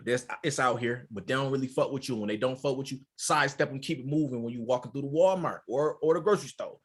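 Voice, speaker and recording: A man from Michigan, a podcast co-host, telling a story in casual, profane and animated chat. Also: mid-range voice, fast, husky. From Port Huron, Michigan.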